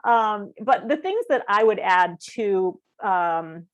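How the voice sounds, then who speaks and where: A woman's voice: mid-range voice, takes it slowly. A middle-aged woman on a panel over a video call, telling family stories with laughs and acted-out quotes. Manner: storytelling, animated quoted voices, laughs often. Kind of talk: casual panel chat.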